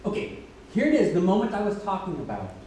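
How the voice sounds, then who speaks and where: An actor on stage playing a wistful, musical-loving man who talks to the audience in a chatty, halting way. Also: high voice, wildly swooping pitch, mellow, a little hiss or hum. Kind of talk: stage monologue. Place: theater stage. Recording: distant echoey stage recording.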